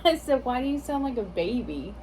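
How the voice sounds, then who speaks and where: High, lively woman with teasing quips. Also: brisk, poor audio. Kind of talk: casual chat.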